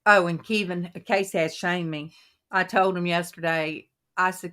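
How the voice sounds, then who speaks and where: A middle-aged woman hosting a casual chat, telling folksy stories in an animated way and quoting herself. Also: fairly low pitch, a little slow. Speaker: host of a Christian women's coffee talk panel.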